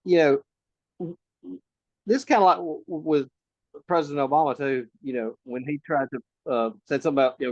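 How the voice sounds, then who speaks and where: A male talk show host chats casually, his voice sitting a bit high. The sound is dry and close, but dull and lo-fi, and he breaks off and restarts his sentences as he goes. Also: brisk, pauses often, darkish tone, no room sound. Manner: conversational, many restarts, asks questions. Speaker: podcast host. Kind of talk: casual political chat.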